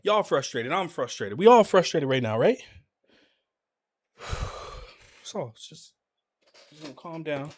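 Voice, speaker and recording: A hoarse man streaming a football game, ranting frustrated coach talk at his players, loud one moment and mumbling the next. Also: on the high side, very animated, a little slow, pauses often, slight background noise. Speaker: gaming streamer. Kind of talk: casual live commentary over a game.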